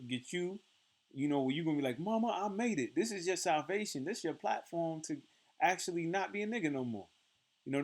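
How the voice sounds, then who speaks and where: A man teaching from the Bible in a loose, conversational way, full of fillers and restarts. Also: mid-range voice.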